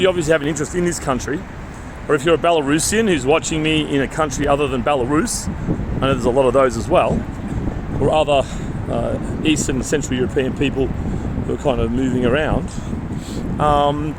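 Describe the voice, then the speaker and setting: A man's voice: on the high side, fairly quick, background noise. Australian man musing aloud outdoors. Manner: rambling, thinking aloud, frequent restarts. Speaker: vlogger. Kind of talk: casual reflective talk to camera. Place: city street outdoors.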